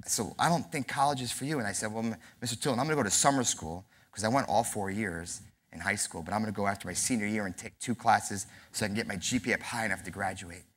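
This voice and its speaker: A man's voice: fairly low pitch, fast talker, fairly bright tone, husky. A man in his early forties, from New York, giving a humorous, self-deprecating keynote speech at a convention center. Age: early 40s. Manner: storytelling with acted dialogue. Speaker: keynote speaker.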